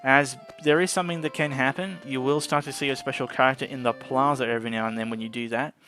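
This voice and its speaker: A man's voice: medium pitch, fairly even intonation, fast talker, pushed and bright, faint music behind. A man giving casual gameplay commentary into a desk microphone, chatty and often tripping over his words. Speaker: gameplay video host. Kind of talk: casual let's-play commentary.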